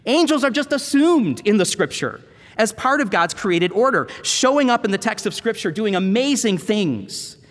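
A man's voice: high-pitched, big pitch swings, normal speed. A man, a seminary professor, preaching a sermon in a church and telling a Bible story dramatically. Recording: long hall reverb.

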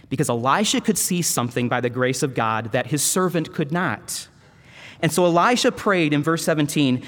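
A seminary professor preaches to a congregation, retelling a Bible story with dramatic, storytelling flair. His voice sits rather high for a man. The sound carries a long, ringing reverb from the church. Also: lively intonation, moderate pace, a bit bright. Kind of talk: sermon.

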